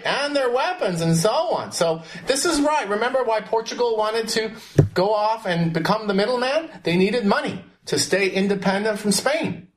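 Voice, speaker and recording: A man teaching a class, asking questions and calling on students by name. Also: high-pitched. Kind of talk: classroom history lesson.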